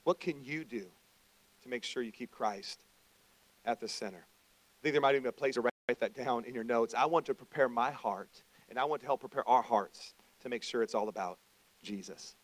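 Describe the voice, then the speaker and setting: A pastor preaching a conversational sermon, dropping into quiet reflection and rising into loud, emphatic preaching. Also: male voice, mid-range voice, moderate pace, dry recording, rough recording.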